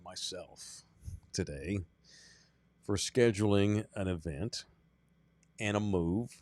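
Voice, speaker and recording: A man's voice: low voice, slow pace, darkish tone, no room sound. A man hosting a sports podcast, chatting casually and rambling in a self-deprecating way. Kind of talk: casual chat.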